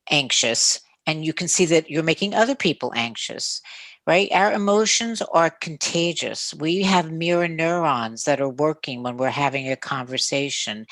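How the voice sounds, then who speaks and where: Calm coaching voice, dry and close. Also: mid-range voice, no room sound. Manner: coaching, repeats "right?" often, acts out calm sample lines. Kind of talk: casual advice talk.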